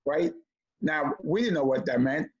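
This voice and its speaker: Guy telling a story, kinda high voice, acts out all the voices, dull lo-fi audio. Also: normal speed. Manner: animated storyteller acting out quoted voices. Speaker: comedian guest. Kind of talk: storytelling conversation.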